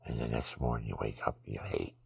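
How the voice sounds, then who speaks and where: A sleepy, exhausted man rambling through a religious monologue into his phone at home, swinging from loud bursts to murmurs. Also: extremely low pitch, fairly quick, vocal fry, slightly rough, no echo. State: sleepy, extremely tired. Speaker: vlogger.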